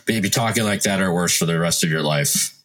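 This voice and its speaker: A man in a comedy sketch playing a deadpan doctor. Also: low voice, brisk. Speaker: comedy podcast host.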